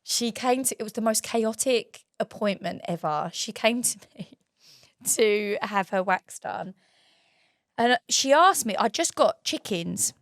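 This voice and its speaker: A woman, hosting a casual chat and telling stories with lots of giggling and lively energy. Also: mid-range voice, unhurried, dry recording, studio quality. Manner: giggly animated storytelling. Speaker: host and waxing trainer.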